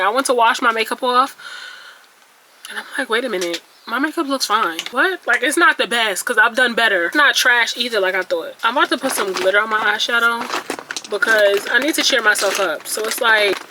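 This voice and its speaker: Doing her makeup at home by a ring light, a young woman vlogger talks casually to viewers, venting openly, poking fun at herself, and exclaiming. Her slightly high voice sounds pushed and bright; the recording is rough with a little hiss or hum.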